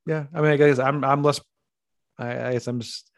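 A man's voice: medium pitch, steady tone, moderate pace, no room sound, studio quality. A man co-hosting a podcast in casual chat, blunt, cursing freely and laughing between his points. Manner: blunt, swears freely, laughs mid-sentence. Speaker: podcast co-host.

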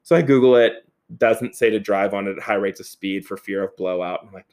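Lively, swearing man with a lowish voice. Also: fairly quick. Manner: animated, profane, laughs while telling. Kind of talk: casual anecdotal storytelling.

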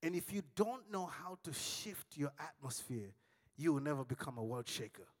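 A man delivers a sermon in a large hall with a high, bright voice, very animated at a normal speed. His dramatic storytelling swings from shouts to near hushes as he acts out characters' dialogue and draws call-and-response from the congregation.

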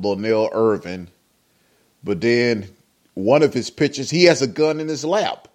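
A man's voice: mid-range voice, a little slow. A man hosting a podcast, giving rambling, opinionated commentary with many fillers. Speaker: podcast host. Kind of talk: casual commentary.

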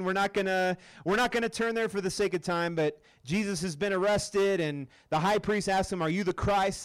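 A man preaching to a campus group in a casual, joking way, often checking in with the room. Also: sits high. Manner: casual, joking, keeps asking the crowd "right?". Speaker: campus ministry speaker. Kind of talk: sermon.

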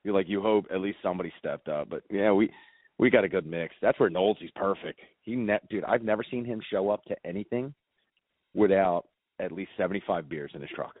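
A man's voice: deep voice, fairly quick, husky, no echo. A man in his forties chatting casually, teasing and swearing in a laid-back way. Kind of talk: casual chat. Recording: dry, phone-like narrow sound.

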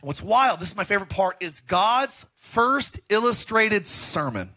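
A middle-aged man preaching a sermon as pastor, telling stories in an animated, joking way. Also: high voice, a little slow. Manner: animated, joking storytelling with laughs.

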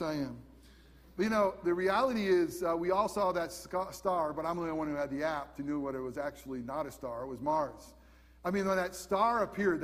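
A man's voice: high-pitched, long reverb tail. A man in his fifties preaching a sermon in a conversational, emphatic way, repeating his key questions. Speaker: pastor.

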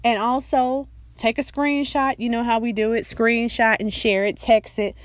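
A woman's voice: on the high side, level tone, normal speed, no room sound. A woman hosting her own podcast, giving chatty, motivational advice in a casual solo talk and laughing often. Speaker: podcast host.

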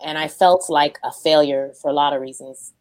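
A woman with a low voice shares personal reflections on a podcast. Her delivery is halting and thoughtful, full of pauses and fillers. She sounds casual and candid. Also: fairly even intonation, a little mellow. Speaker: podcast co-host. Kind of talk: casual chat.

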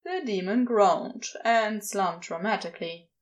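A woman reading a comic story aloud as a narrator, with a wry, expressive delivery. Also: mid-range voice, unhurried. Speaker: podfic reader.

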